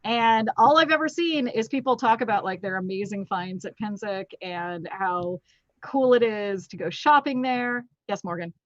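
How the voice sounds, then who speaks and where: A woman's voice: mid-range voice, moderate pace, dry recording. A woman hosting a live streamed talk show, chatting in a playful, casual way. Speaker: host. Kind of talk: casual chat. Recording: dry, dull lo-fi stream audio.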